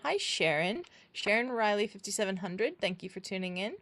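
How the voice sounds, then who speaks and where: A woman's voice: medium pitch, expressive, normal speed, fairly bright tone, dry recording. A woman co-hosting a casual live review show, friendly, greeting viewers in the chat and thanking them for tuning in.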